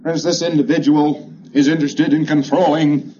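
A man giving a plainspoken, emphatic lecture to a congress, repeating phrases that trail off quieter each time. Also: fairly high pitch, flat delivery, normal speed. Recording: dull, hissy old lecture recording.

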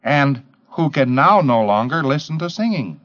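A man's voice: mid-range voice, animated, moderate pace, a bit bright. A man giving a lecture to trainees, emphatic, firing off rhetorical questions and mimicking the people he talks about. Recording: dull lo-fi old tape.

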